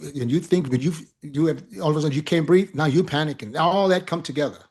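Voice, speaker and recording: Profane animated storyteller, man. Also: fairly high pitch, fast talker. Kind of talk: casual storytelling chat.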